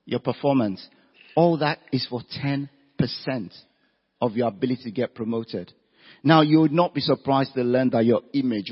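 A husky, mid-range male voice belongs to a career talk speaker giving an evening seminar with slides. He fires rhetorical questions at the audience and stresses his points, recorded in an echoey hall with dull, lo-fi sound.

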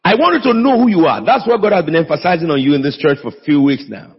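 Fast, husky, and lively in intonation, a fairly high-pitched man preaches a sermon as a pastor. He emphatically calls to the congregation and draws replies, and the echoey church hall gives the audio a dull lo-fi sound.

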